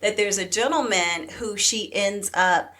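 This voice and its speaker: A woman co-hosting a relaxed entertainment podcast, retelling a story at length. Her delivery is animated: she acts out quotes and sometimes drops into a low, breathy near-whisper to mimic someone. The tone stays conversational and chatty. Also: unhurried. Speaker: podcast co-host. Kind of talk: casual chat.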